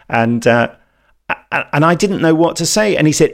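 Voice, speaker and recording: A man's voice: a little high, lively intonation, normal speed, vocal fry. A middle-aged man with a wry, self-deprecating way of telling stories in casual chat.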